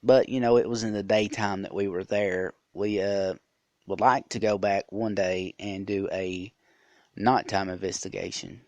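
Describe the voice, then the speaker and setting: A podcast host with a low, steady, slightly mellow voice tells a casual story at an unhurried pace. The recording is dry, and his monologue rambles, packed with fillers and restarts.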